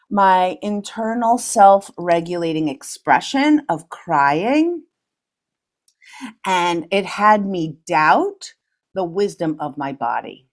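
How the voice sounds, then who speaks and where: A middle-aged woman hosts a reflective solo podcast in a slow, gentle coaching voice. Her pitch moves a lot as she talks, and she sounds earnest throughout. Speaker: podcast host.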